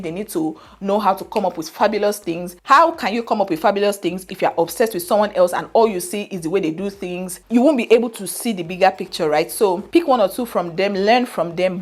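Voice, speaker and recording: A woman with a Nigerian accent, a fashion YouTuber chatting casually to camera. She talks freely and keeps checking in with her viewers through "right?" and "okay?" as she speaks into a boom-style camera mic. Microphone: boom-style camera microphone.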